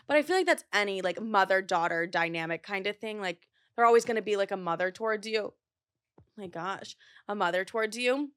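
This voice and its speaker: A young woman in her twenties hosts a podcast, chatting casually, peppering her talk with "like" and swearing freely. Her medium-pitched voice is a bit bright, captured in a dry, studio-quality recording.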